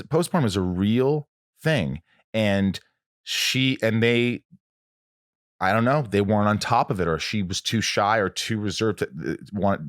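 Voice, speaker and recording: A man's voice: fairly low pitch, no echo, clean studio sound. A man hosting a podcast in casual conversation, blunt and emotional, swearing freely. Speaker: podcast host.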